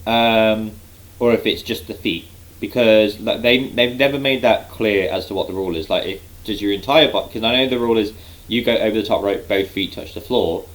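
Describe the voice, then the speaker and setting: Guy with a lowish voice rambling thru a wrestling recap, tons of ums and likes. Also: fairly quick, low-quality recording. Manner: rambling, heavy use of um and like. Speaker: wrestling reaction vlogger.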